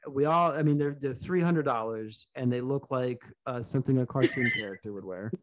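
A man's voice: medium pitch, brisk. A young man co-hosting a casual comedy podcast, rambling through crude jokes, swearing often and laughing at his own lines. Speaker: podcast co-host.

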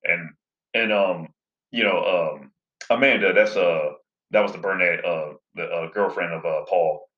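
A man's voice: deep voice, unhurried. A man casually recapping a movie plot in a rambling way, full of fillers. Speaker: movie reviewer. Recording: roomy, slightly dull sound.

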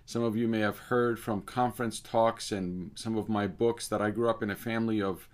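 A man from Cyprus, a speaker and author, telling a personal story in a measured, deliberate way that lingers over details. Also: on the low side, fairly even intonation.

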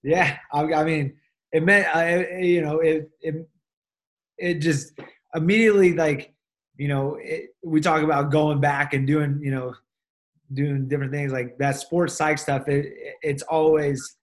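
A man hosting a casual interview over a video call, speaking haltingly with many restarts. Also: fairly high pitch, steady tone. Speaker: interviewer, host.

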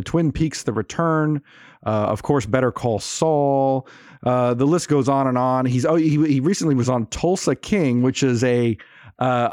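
A man's voice: medium pitch, a little mellow, no room sound. Man podcast co-host, mid-range, rambling and wry, dry close mic. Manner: rambling, many fillers and restarts, wry. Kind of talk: casual film chat.

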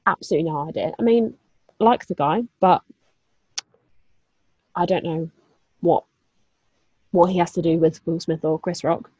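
A woman's voice: mid-range voice, mellow, slightly rough, no room sound. A young woman rambles through casual podcast chat, peppering it with fillers, asides and the odd curse. Her voice sits in an average range and comes through dry and close. The recording is a little dull and muffled, like a simple home setup. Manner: chatty, swearing, lots of fillers and asides. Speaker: podcast co-host.

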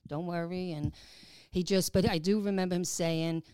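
New woman, low voice, dry close sound, chatty interviewee full of fillers. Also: fairly even intonation, normal speed, mellow, dry recording. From New York. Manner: chatty, many fillers like "you know", laughs often. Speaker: executive assistant at a racetrack, interviewee. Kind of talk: casual interview, reminiscing.

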